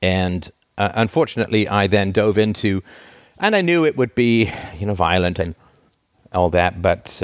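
A man hosting a live show, ranting in an exasperated, sarcastic way with big theatrical swings in pitch. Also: no room sound, lo-fi sound. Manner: theatrical, trained speaking voice. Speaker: host.

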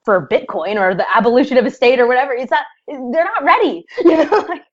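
A young adult woman, a guest in an interview, telling her story in a casual, animated way with laughing asides. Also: high voice, fast, muffled recording.

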